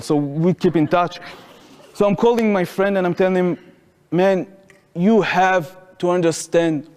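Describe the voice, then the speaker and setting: A man in his twenties, a native Hebrew speaker with an Israeli accent and a high-sitting voice, tells a personal story to an audience in a lecture hall. He's animated, acts out the quoted voices, and shouts at the peaks, with long hall reverb on the recording.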